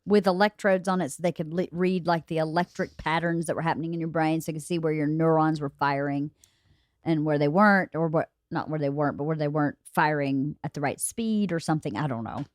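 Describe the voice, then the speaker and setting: A woman's voice: sits low, steady tone, fairly quick, dry recording, clean studio sound. A middle-aged woman hosting a podcast, talking in a practical, reassuring way during a casual family conversation at home. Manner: practical, reassuring, explains things plainly. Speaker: podcast host. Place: home, late night.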